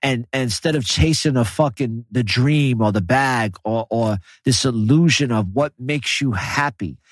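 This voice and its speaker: A man chatting on a podcast, telling a film story with animated, profane emphasis. His voice is husky, sitting at a middle pitch. The sound is dry and close. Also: a little slow, no echo. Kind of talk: casual podcast conversation.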